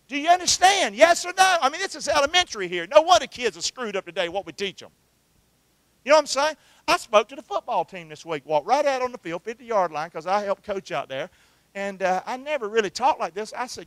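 A middle-aged pastor with a very high, sharp, expressive voice preaches at a moderate pace, with no room sound. He calls out questions for the congregation to answer back in call-and-response style.

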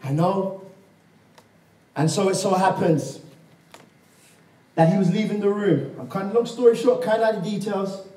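Man, preacher, high voice, storytelling sermon, echoey hall, distant mic. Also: moderate pace, pauses often, dark tone. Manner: storytelling, acting out quoted dialogue and calling for amens. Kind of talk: sermon with personal testimony. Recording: echoey room, mic far off.

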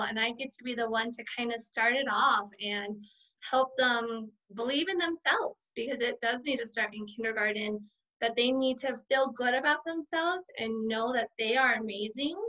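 Answering interview questions casually, this middle-aged woman, a kindergarten teacher, is a warm, lively storyteller who performs the quotes of other people. Her voice is bright and forceful, a little high. Audio quality is lo-fi and dull.

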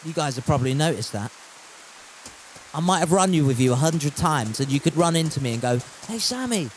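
A man's voice: fairly high pitch, brisk, a little hiss or hum, poor audio. Chatty man streaming a game. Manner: chatty and joking, swears, reads chat aloud. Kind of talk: casual gameplay commentary.

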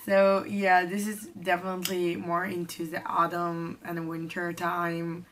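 A woman's voice: on the low side, monotone, measured pace, a bit bright. Gushing young woman reacting to music. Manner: gushing, exclaims often, non-native phrasing. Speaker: K-pop reaction vlogger. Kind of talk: casual reaction commentary. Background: faint music playing.

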